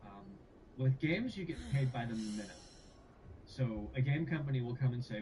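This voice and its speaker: A man, a game composer, chatting in an interview in a relaxed way with many fillers. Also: medium pitch, normal speed, distant mic, slight background noise, poor audio. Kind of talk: casual interview talk.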